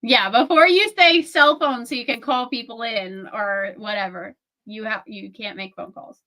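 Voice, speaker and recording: A woman's voice: fairly high pitch, moderate pace, bright, forceful tone. A young woman co-hosting a casual chat, playful and often giggling. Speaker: co-host.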